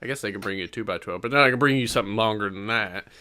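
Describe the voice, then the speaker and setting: A man's voice: fairly low pitch, very fast, pushed and bright, clear, resonant tone. A man co-hosting a podcast in casual chat, rambling and hedging with lots of fillers. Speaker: podcast co-host.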